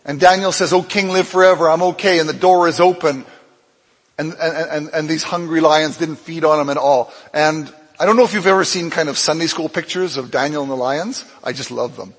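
A man pastor preaching a sermon, telling a Bible story with lively acted-out dialogue. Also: brisk, breathy edge. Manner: animated storytelling, acts out dialogue with swings in pitch and loudness. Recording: long hall reverb.

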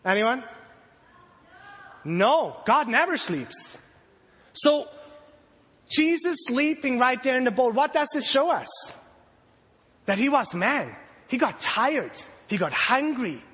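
A man preaching in a high, light voice that carries a long reverb through a large hall. He tells the story with animated energy and slips into the voices of panicked disciples. It sounds like a sermon to children and a congregation. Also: slow pace, long pauses.

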